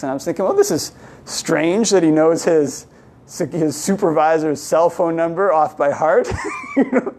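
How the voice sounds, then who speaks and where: Chatty monk telling a story. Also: male voice, fairly high pitch, huge pitch swings, normal speed, darkish tone. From Canada. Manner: chatty storytelling, many "you know" fillers, acts out dialogue. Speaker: Buddhist monk giving a talk. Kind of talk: casual anecdotal Dhamma talk.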